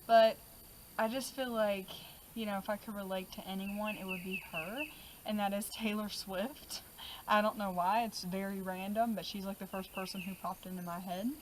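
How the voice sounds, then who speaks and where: A woman's voice: medium pitch, steady tone, normal speed, a little hiss or hum, poor audio. A woman vlogger chatting casually about her journal pages, with lots of "um" and "like" as she talks. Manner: chatty, many fillers like "um" and "like". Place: outdoors.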